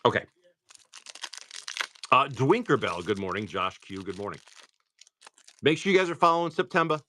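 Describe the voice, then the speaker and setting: A man's voice: medium pitch, sing-song, a little fast, pushed and bright, a little hiss or hum. A man chatting casually on a livestream, swearing freely and reading off card names as he opens packs. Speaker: livestream card-pack opener.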